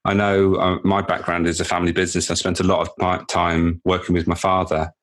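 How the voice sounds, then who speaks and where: Low-voiced hesitant podcast host. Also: male voice, level tone, fairly quick, fairly bright tone. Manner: hesitant, repeats words while thinking aloud. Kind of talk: podcast interview.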